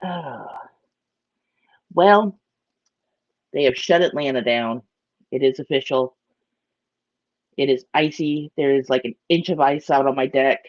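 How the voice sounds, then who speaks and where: A woman's voice: a bass voice, measured pace, pauses often, dry recording, muffled recording. A chatty woman hosts a casual morning live stream and greets her viewers by name. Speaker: aquarium live-stream host.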